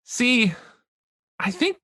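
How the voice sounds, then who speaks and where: High bright jokey man, podcast guest. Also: very slow. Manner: jokey, riffs with mock quotes and deadpan asides. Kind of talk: casual chat recapping a TV episode.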